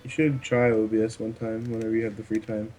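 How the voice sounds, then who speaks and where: A man chatting casually as a guest on a livestream, talking in a hesitant, halting way. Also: on the low side, level tone, warm tone, soft background music, low-quality recording. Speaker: stream guest. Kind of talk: casual chat on a call.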